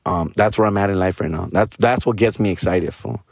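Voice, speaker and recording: A man in his forties rambles through a casual, profane monologue, his voice worn hoarse and raspy. His voice sits on the low side, he mixes in Spanish slang, and he keeps tacking "fool" onto his lines. The recording is dry, with no room sound. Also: fairly quick, no echo. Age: 40s. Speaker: comedian.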